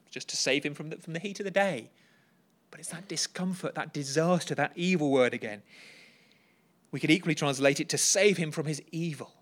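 A male preacher delivers a sermon in a conversational, explaining manner, often turning questions to his listeners. His voice sits fairly high for a man. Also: a bit bright.

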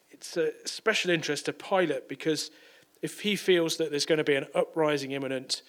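A man's voice: a little high, a bit bright. A man preaching a sermon in a conversational way, often repeating and correcting words.

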